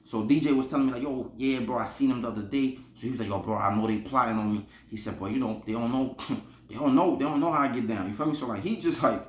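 A podcast storyteller from Buffalo, New York, rambles through a slangy prison story, repeating himself and laughing along the way. His mid-range voice moves fast, and the sound is roomy.

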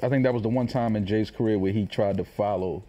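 A man guesting on a podcast, relaxed and stumbling over words in casual chat. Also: fairly low pitch, fast, slight background noise.

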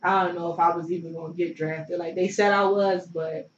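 A young woman from Philadelphia, once a pro basketball player, tells her story as an interview guest in a fairly low, steady, brisk voice. She's loose and chatty, full of likes and you knows. The recording sounds roomy, distant and dull, with faint noise.

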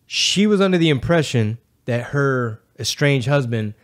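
A man's voice: mid-range voice, a little slow. A man, co-hosting a podcast in casual, slangy chat and acting out quotes. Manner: slangy, animated storytelling with put-on quotes. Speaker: podcast co-host.

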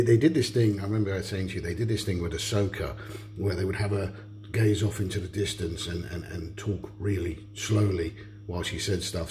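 Blunt, low-voiced man ranting. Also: darkish tone, a little hiss or hum. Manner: blunt and profane, full of restarts. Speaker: co-host. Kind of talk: casual recorded opinion rant.

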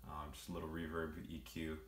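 A man's voice: extremely low pitch, a little fast, echoey room, heavy background noise. A man casually explaining how he produced his song, rambling with lots of fillers. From family roots in Jamaica and Brazil. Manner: relaxed, rambling with many fillers. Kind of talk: casual walkthrough.

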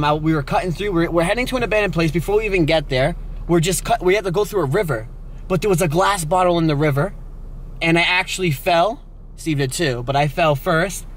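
A young man from the United States talking excitedly and casually to camera as a vlogger, with lots of "like" and "dude". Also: fairly high pitch, slight background noise. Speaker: exploring vlogger. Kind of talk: casual vlog talk to camera.

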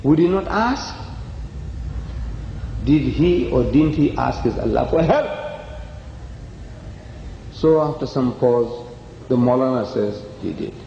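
A man's voice: medium pitch, lively intonation, takes it slowly, vocal fry, pauses often, a little hiss or hum. Emphatic male lecturer in an echoey hall. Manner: emphatic storyteller, acts out dialogue. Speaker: lecturer on comparative religion. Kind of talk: public lecture, storytelling. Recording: echoey hall, dull old recording.

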